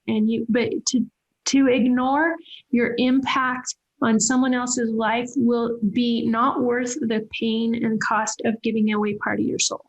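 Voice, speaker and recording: A woman's voice: fairly high pitch, flat delivery, a little slow, low-quality recording. A woman veterinarian, a podcast guest, telling a personal story earnestly and emotionally, often restarting her sentences. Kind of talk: candid interview storytelling.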